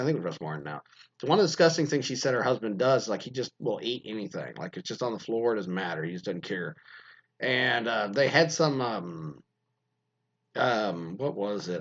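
A man's voice: lowish voice, sing-song, normal speed, husky, lo-fi sound. A man hosting a podcast, chatting casually in a crude, joking, meandering way with lots of fillers. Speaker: podcast host reading listener stories. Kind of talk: casual rambling chat.

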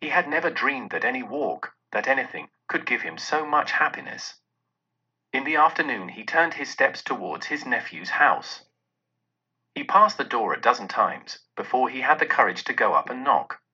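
A man reading a classic story aloud in expressive scripted narration. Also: mid-range voice, moderate pace, husky. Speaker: audiobook narrator. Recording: dull lo-fi recording.

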